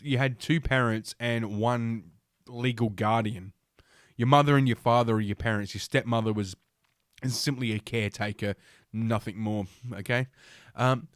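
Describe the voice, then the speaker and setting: A mid-range male podcast host reads an article aloud as casual commentary, mocking it with crude, profane remarks and laughing at his own jokes. He swears often. It's a studio-quality recording with no echo.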